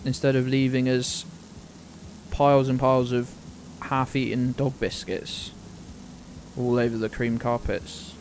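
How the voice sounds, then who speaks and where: A man's voice: mid-range voice, level tone, a little slow, a little mellow, slight background noise. A British man chatting casually on a live game stream, rambling, laughing often and talking to his dog. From United Kingdom.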